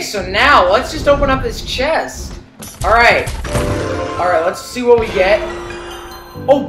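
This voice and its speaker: A woman giving let's play commentary as a gamer, excitable and reacting aloud to every surprise. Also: fairly high pitch. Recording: roomy, distant mic with game music.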